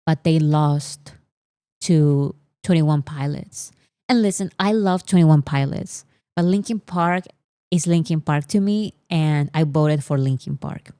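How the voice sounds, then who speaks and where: A woman's voice: deep voice, measured pace, warm tone, no echo. A woman hosting a casual livestream, chatting in an opinionated way with many fillers. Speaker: livestream host.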